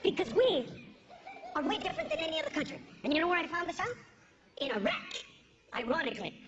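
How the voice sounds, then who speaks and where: A high-pitched woman works a stand-up crowd, hitting punchlines hard and switching into put-on voices. The recording is dull and lo-fi. Steady noise sits behind her. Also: quick pace. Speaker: stand-up comedian. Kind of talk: stand-up comedy set. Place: stage before a live audience. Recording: lo-fi with background noise.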